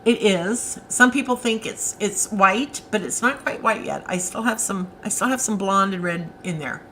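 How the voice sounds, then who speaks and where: Chatty woman author with a bright tone. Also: medium pitch, normal speed, slight background noise, poor audio. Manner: chatty, answers viewer comments as they come in. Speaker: author hosting a live stream. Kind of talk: casual live-stream chat.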